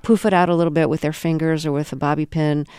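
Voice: medium pitch, fairly even intonation, quick pace, a little mellow, clear, resonant tone, no echo, clean studio sound. An interviewer asking probing, conversational questions.

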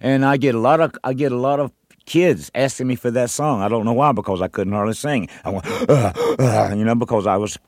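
A man's voice: medium pitch, fairly quick, no room sound, clean studio sound. An older man from North Carolina, a musician guest in an interview, telling long stories in a rambling way with many restarts and "you know"s. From North Carolina, USA. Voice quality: short of breath.

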